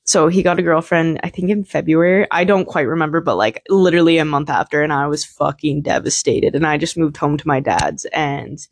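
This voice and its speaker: A woman's voice: deep voice, fairly quick, hardly any pauses, no echo. A young woman hosting a podcast, telling a candid, rambling personal story full of swearing and filler words. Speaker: podcast host.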